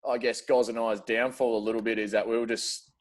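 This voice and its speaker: A man's voice: mid-range voice, level tone, brisk. An Australian man chatting casually as a podcast guest, laid-back and slangy, laughing often. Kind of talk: casual chat.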